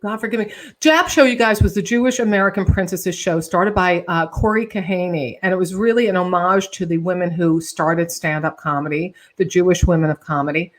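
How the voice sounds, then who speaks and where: A woman hosting a casual interview, chatty and animated with quick asides. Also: lowish voice. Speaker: host.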